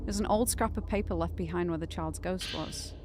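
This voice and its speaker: A woman's voice: lowish voice, brisk, noisy background. A young woman from Northern England with a muted Northern accent, chatting casually while streaming a game, thinking aloud and laughing often. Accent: muted Northern English. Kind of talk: casual livestream gameplay chat. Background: game music.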